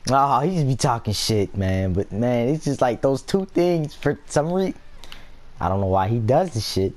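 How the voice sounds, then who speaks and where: Playing a video game, a young man gives casual, profane commentary that rambles from story to aside. He has a mid-range, darkish voice, animated and at a moderate pace.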